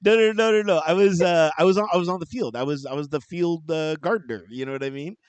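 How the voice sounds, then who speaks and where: A man's voice: a little high, fast, darkish tone, clean tone, no room sound. A man co-hosting a podcast, chatting in a jokey way, laughing often and repeating "you know what I mean". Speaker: podcast co-host. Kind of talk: casual chat.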